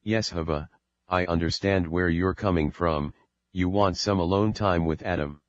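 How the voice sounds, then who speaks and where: A calm, knowing alien guardian from a storybook, measured and patient, as a man reads him in a deep voice. The recording is dull and dry. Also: no echo, close to an everyday voice.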